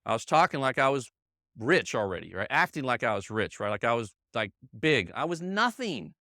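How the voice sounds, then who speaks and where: In a dry, studio-quality recording, a middle-aged man with a medium-pitched, sharp voice and big pitch swings talks at normal speed. He's a sales team leader running a motivational training in a meeting room, repeating himself emphatically, checking in with "okay?" and "right?", and naming colleagues.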